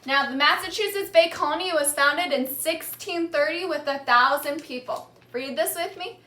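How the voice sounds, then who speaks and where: A woman teacher giving a classroom lesson, speaking slowly and clearly and repeating key words for the class to echo back. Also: sits high, sharp tone. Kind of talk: classroom lesson with call-and-response reading.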